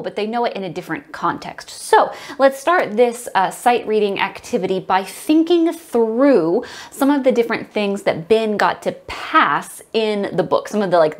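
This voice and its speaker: Woman, young adult, music teacher demonstrating a classroom lesson, explanatory and practical. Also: medium pitch. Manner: explains, then models chants and solfege in a bright sing-song voice.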